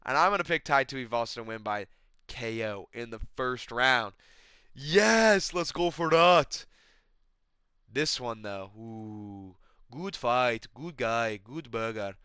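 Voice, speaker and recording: A young adult man hosting casual MMA predictions, excitable and rambling, tossing in "bro" and swearing often. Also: medium pitch, unhurried, smooth, no echo, studio quality. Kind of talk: casual fight-prediction chat.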